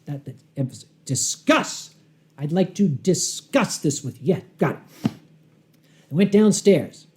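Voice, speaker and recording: Guy spinning a funny con story, dry wit, keeps clearing his throat, big pauses. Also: high-pitched, a little mellow. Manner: wry, dramatic pauses, acts out his own rehearsed lines. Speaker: convention storyteller. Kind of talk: live humorous storytelling.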